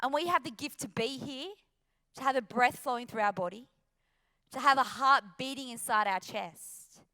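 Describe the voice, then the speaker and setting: Bright, high-voiced Australian woman speaker. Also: moderate pace. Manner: earnest, emphatic, rhetorical questions. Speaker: motivational speaker. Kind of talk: motivational talk.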